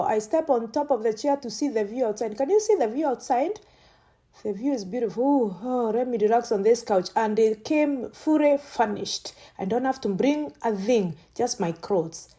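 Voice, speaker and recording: A woman talks her way through a casual vlog, thinking aloud as she goes. Her voice sits on the higher side but sounds mellow and soft-edged, and she keeps breaking into exclamations of delight. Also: normal speed. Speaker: vlogger. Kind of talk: casual running commentary.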